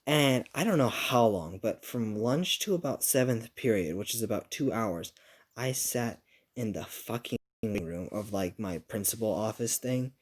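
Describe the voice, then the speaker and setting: Profane rambling young man, lowish voice. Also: animated, measured pace. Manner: rambling, profane, self-mocking. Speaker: storyteller recounting a school story. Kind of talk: casual storytime vlog.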